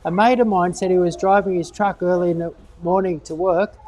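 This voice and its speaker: Woman gardening expert, lowish warm voice, loose chatty answers full of repeated words. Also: steady tone, a little fast, slight background noise. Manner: rambling, repeats words while thinking. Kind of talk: casual Q&A chat.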